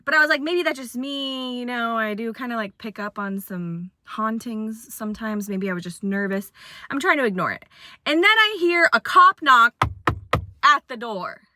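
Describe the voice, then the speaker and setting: A woman's voice: a little high, normal speed, pushed and bright, no room sound, studio quality. A young woman in her twenties telling a funny dating story in casual chat, with dramatic retelling and sudden acted quotes.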